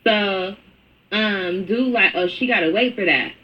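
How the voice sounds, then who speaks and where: A woman's voice: mid-range voice, measured pace. Blunt, profane woman telling a story. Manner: blunt, profane, animated retelling. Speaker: storyteller in a played clip. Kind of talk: casual storytime. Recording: dull lo-fi clip with faint noise.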